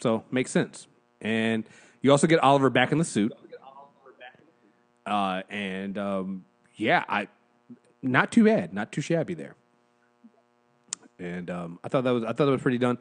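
A man co-hosting a casual review podcast, slangy and animated, laughing often. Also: fairly low pitch, a little slow, long pauses. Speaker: podcast co-host.

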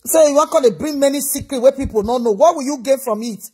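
A woman's voice: high-pitched, quick pace, dark tone. A woman lecturing and scolding a man, mixing English with a local language. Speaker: commentator. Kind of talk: scolding commentary.

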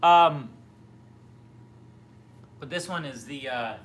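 A young man speaks slowly in a fairly high, somewhat bright voice while hosting a casual livestream. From his home kitchen near the fridge, he answers viewer comments in rambling chat with plenty of fillers and restarts.

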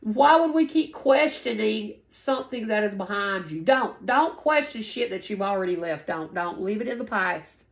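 A woman's voice: mid-range voice, expressive, normal speed, gravelly, few pauses, low-quality recording. A woman giving a casual spoken tarot reading, rambling and repeating herself, with frequent swearing. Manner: rambling, repetitive and profane. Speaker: tarot reader.

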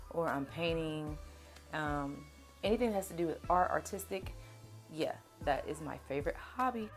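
A young woman with a Southern country twang talks straight to camera in a low, full voice, answering viewer questions in a loose, chatty way. Faint music plays under her. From Kentucky, USA. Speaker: beauty vlogger. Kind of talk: casual Q&A vlog to camera.

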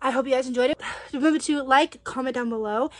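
A woman's voice: high-pitched, fast talker, no room sound. A young woman vlogging casually, gushing about her night at a concert event with lots of filler words. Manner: bubbly, gushing, many "like" fillers. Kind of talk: casual vlog chat. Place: concert venue, then at home.

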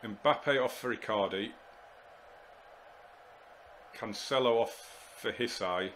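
A man commentating live on his football management game, exasperated and muttering to himself, with sudden shouts when goals go in. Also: fairly low pitch, takes it slowly, slight background noise. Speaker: gaming YouTuber.

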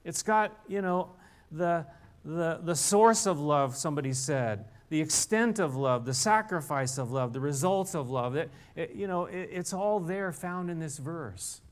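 An older man preaching a relaxed sermon in a church, conversational and halting, often restarting his sentences. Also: fairly high pitch. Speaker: pastor. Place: church sanctuary.

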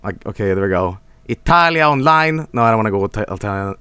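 An excitable male streamer talks through his screen in loose, rambling commentary. His voice leaps up and down in pitch, often cracking into high squeals of delight. The sound is close and dry, with no room echo. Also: fast talker, clean tone.

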